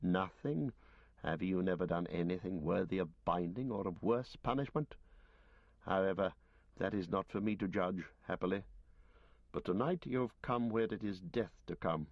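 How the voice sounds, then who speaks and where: A stern, grave lord passing judgement, speaking in formal, measured, solemn tones, as a man puts him on for an audiobook. His voice sits low. The recording is dull, lo-fi and dry. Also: no echo.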